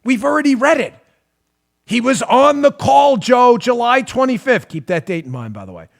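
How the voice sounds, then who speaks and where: A man's voice: very high-pitched, very animated, moderate pace, vocal fry. A man hosting a political talk show, delivering heated commentary with emphatic, repeated rhetorical questions and bursts of frustration.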